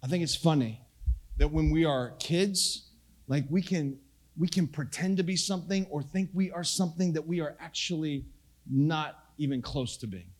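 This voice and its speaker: A middle-aged male pastor giving a conversational sermon, casual and self-deprecating, swinging between hushed and loud delivery. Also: a little high, moderate pace.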